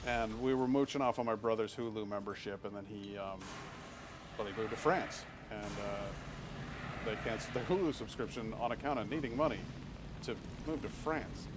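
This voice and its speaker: A man's voice: on the low side, steady tone, moderate pace, background noise. A man in his thirties chatting casually while streaming a game, rambling with restarts and frequent swearing. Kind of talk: live game stream commentary.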